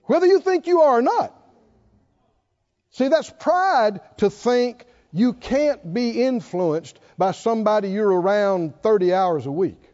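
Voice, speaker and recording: A man's voice: high-pitched, lively intonation, unhurried, warm tone. An older man preaching a sermon in an emphatic, folksy way with bits of humor, on a slightly dull lo-fi recording. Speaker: pastor.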